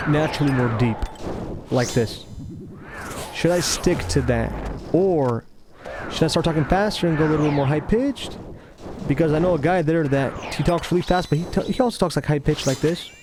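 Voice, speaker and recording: A man giving casual, rambling commentary over gameplay, talking slowly with a laid-back, self-interrupting, somewhat mumbled delivery. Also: fairly high pitch, noisy background. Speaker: gaming commentator.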